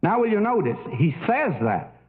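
A man's voice: high-pitched, very animated, normal speed. An older man preaching a sermon in a folksy, storytelling way with many fillers. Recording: tinny phone-like old recording.

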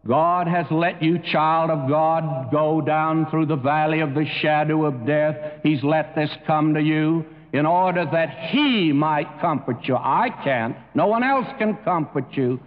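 A man preaching a sermon in a slow, earnest way that swells to emphatic peaks. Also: fairly high pitch. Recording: tinny narrow-band recording with long reverb.

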